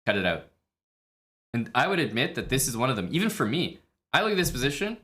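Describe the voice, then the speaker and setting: Talking fast with big pitch swings, a man on a live stream runs through chess moves in a loose, blunt way, cursing freely and voicing his inner questions. His middle-pitched voice is bright and forceful.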